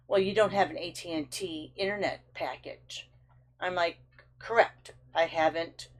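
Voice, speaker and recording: A woman hosting her own vlog, telling a long frustrated story in a chatty, storytelling way with big swings in her voice. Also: fairly low pitch. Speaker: stamping craft channel host. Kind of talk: casual vlog chat.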